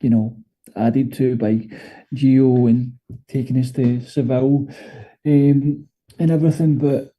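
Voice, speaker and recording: Scottish man, podcast co-host, very dark tone, husky, halting casual talk with fillers. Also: mid-range voice, level tone, low-quality recording. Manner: hesitant, many fillers and restarts. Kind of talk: casual football podcast chat.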